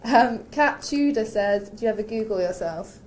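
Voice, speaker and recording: A woman at an ordinary mid pitch works as an interviewer, reading out fan questions. She teases her guest playfully and laughs often, with faint noise behind her. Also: lively intonation, normal speed, a little mellow. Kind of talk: casual interview chat.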